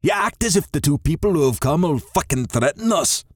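A man voicing a brash, swearing young enforcer with a thick Scottish Highland brogue. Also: expressive, a little fast, no room sound, clean studio sound. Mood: scoffing.

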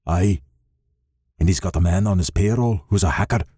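A man voicing a stern older Scottish clan father who speaks gruffly and bluntly, swearing as he gives orders. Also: low-pitched, normal speed, mellow, dry recording, clean studio sound. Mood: gruff, commanding.

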